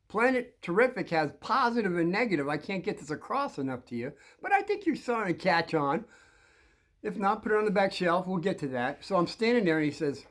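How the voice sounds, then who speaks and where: An older man from New Jersey, telling kids a rambling personal story with folksy, chuckling asides. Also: fairly high pitch.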